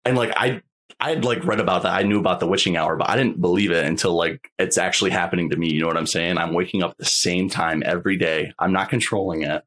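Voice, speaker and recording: A man's voice: deep voice, fairly even intonation, quick pace, a bit bright. A young man, a podcast guest, telling a personal story in a rambling, casual way, full of fillers and checking in with the listener.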